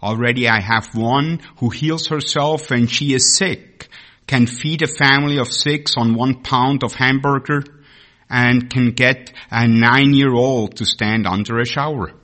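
A man's voice: medium pitch, fairly even intonation, measured pace, bright, forceful tone. A man voicing God, a patient, proud creator, in a read-aloud story during a sermon. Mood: earnest.

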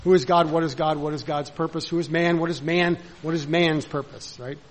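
High-voiced man preaching conversationally. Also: steady tone, fairly quick, poor audio. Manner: conversational, rhetorical questions, acts out dialogue. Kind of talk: sermon.

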